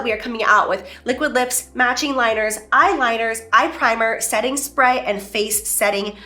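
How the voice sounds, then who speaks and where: A woman's voice: a little high, normal speed, few pauses, pushed and bright. A woman in her thirties presenting her makeup collection in a casual, gushing and emphatic way. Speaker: beauty vlogger and brand owner.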